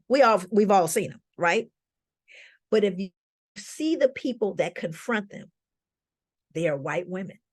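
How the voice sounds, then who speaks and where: A woman speaks to a live crowd in a lively, swooping voice that sits a little high. She tells her story with animated storytelling and keeps turning to the audience with questions. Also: slightly rough. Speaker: scholar giving a talk.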